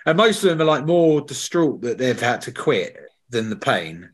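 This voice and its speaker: A man's voice: medium pitch, big pitch swings, moderate pace. A man hosting a podcast, chatting casually and telling slangy, swear-laced stories. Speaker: podcast host. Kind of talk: casual chat.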